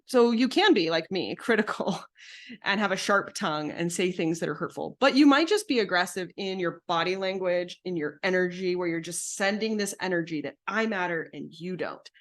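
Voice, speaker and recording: A woman psychotherapist teaching a live online session in a casual, explanatory way, with many fillers and restarts. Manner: acts out quoted lines with sudden high pitch. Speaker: psychotherapist and betrayal coach.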